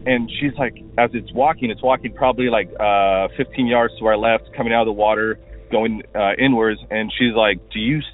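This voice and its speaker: A man's voice: on the low side, steady tone, moderate pace, soft background music. A man from Washington State calling in to tell a rambling story, full of fillers, as a recorded voicemail. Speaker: caller. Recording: tinny phone line.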